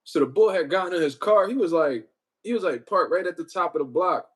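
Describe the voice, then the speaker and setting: A man hosting a livestream, talking casually with heavy profanity and animated storytelling. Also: sits high, brisk, breathy edge. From Puerto Rico. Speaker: livestream host.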